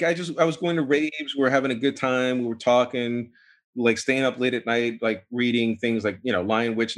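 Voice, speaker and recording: A man, a podcast guest, telling a long personal story in a rambling, animated way, full of fillers and restarts. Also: medium pitch. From United States. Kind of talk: casual storytelling interview.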